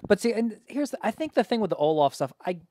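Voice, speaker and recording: A woman's voice: medium pitch, big pitch swings, fast talker, dark tone, no echo, studio quality. A woman joining a podcast in casual chat, speaking in a wry, conversational way.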